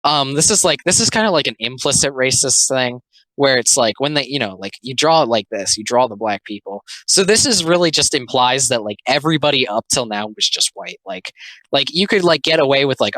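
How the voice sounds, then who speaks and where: A young adult video commentator with an expressive, fairly bright, medium-pitched voice delivers casual, rambling comic commentary. It's heavy on "like" fillers and sarcastic asides, occasionally dipping into quick mocking character voices. The recording is dry and the audio poor.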